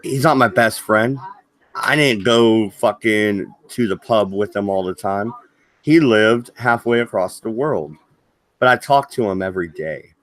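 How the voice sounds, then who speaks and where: A man's voice: lowish voice, measured pace. A man hosting a livestream, ranting angrily and swearing heavily. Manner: heated, profane, swearing often. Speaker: livestream host. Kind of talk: angry livestream rant.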